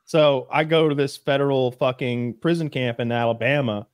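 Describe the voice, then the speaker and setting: A man with a mid-range voice talks in a halting, profane way about time he served, restarting his sentences. The recording is dry and close. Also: medium pitch, steady tone, smooth, dry recording. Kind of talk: casual chat.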